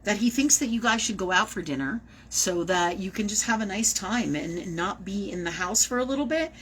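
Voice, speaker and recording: A woman's voice: medium pitch, expressive, moderate pace, slight background noise, low-quality recording. A woman talking casually and animatedly as a medium in a live-streamed reading, swearing now and then. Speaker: psychic medium.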